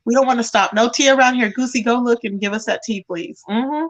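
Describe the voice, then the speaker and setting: Animated woman dishing gossip. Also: a little high, brisk. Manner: animated, calls listeners "child". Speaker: livestream host. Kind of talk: casual gossip chat.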